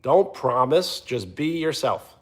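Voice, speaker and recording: A man live streaming, chatting casually and answering viewers' comments in an animated, teasing way. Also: takes it slowly. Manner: animated, teasing, often jumping higher in pitch.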